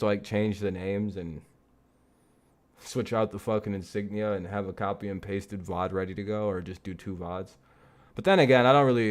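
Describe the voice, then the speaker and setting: A man hosting a casual live football talk stream, rambling and joking with plenty of swearing. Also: fairly low pitch. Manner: rambling, profane, laughing jokily. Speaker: streamer and host.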